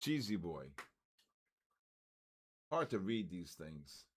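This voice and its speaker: Speaking slowly in a low, sing-song voice, this man in his sixties runs a trading livestream and calls out viewer names, spelling them letter by letter with joking exasperation. There's slight background noise.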